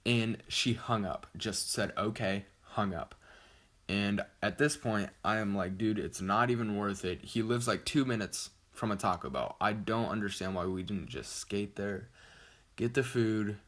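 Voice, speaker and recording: A man's voice: on the low side, measured pace, fairly bright tone. A teenage boy vlogger telling a story casually, rambling and swearing with lots of "like". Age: teens. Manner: rambling, profane, fillers like "like".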